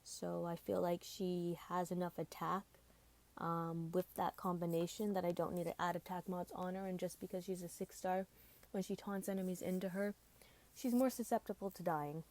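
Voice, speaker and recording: A woman's voice: lowish voice, steady tone, normal speed, a little mellow. A tired woman streaming a mobile game at home, chatting casually and rambling about her team. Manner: rambling, chatty, self-deprecating. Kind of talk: casual gameplay commentary.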